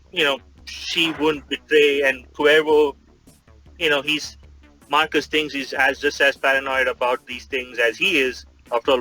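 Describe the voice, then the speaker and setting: Male player, bright tense tone, rambling casual narration. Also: medium pitch, rough recording. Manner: rambling, with frequent fillers. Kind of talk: narrating his character's actions.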